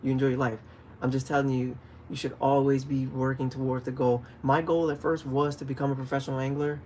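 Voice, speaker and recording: A man hosts a relaxed fishing livestream, talking straight to his viewers in an easygoing way. He tells his stories with animation and sometimes bursts out with loud, acted shouts. A faint hiss of noise sits under his voice. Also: medium pitch, fairly quick. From DC, Maryland, Virginia area. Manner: animated storytelling, acts out shouted calls. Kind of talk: casual livestream chat, reading viewer comments.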